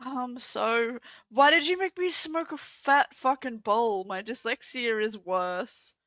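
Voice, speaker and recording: A woman's voice: fairly high pitch, slow, a bit bright, no echo. A young Australian woman, stoned, chatting crudely with her stream chat and swearing freely.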